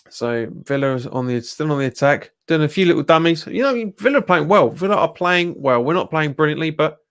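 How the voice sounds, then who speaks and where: Excitable Cockney-accented football streamer. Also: male voice, a little slow, creaky, pauses often. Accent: Cockney-tinged London English. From England. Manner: exasperated, jumps up in pitch at bad calls, chats with viewers. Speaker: football fan livestreamer. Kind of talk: live match watch-along commentary.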